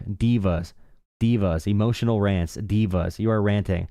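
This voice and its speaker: A man's voice: on the low side, moderate pace, warm tone, dry recording, studio quality. A young man hosting a casual political call-in stream, sarcastic and mocking. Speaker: livestream talk show host.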